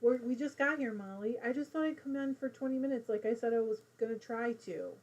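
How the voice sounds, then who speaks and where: A middle-aged woman chats easily to her viewers while she knits at home, reading out their comments as she goes. Her voice is slightly husky and sits a little high. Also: fairly quick, a little mellow, dull audio. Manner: chatty, reads viewer comments aloud while knitting. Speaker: host of a live crafting stream. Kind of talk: casual live-stream chat.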